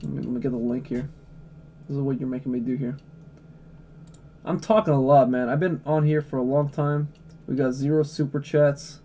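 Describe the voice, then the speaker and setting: Male streamer, blunt and sweary, gravelly low-key voice, mellow tone, casual live chat. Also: flat delivery, normal speed, long pauses, slight background noise. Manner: blunt, profane, opinionated. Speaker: livestreamer.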